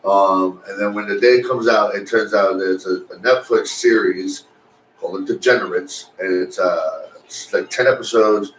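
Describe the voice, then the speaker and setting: A man's voice: lowish voice, normal speed. A man co-hosting a podcast in casual chat, telling rambling, profane stories and laughing often. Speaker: podcast co-host. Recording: echoey room, mic at a distance, faint noise.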